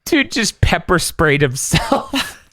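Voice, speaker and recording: A man's voice: high-pitched, very animated, slow pace, bright, forceful tone, no echo, clean studio sound. A man hosting a podcast, recapping an episode casually with frequent laughter and swearing. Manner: laughing, profane storytelling. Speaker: podcast host.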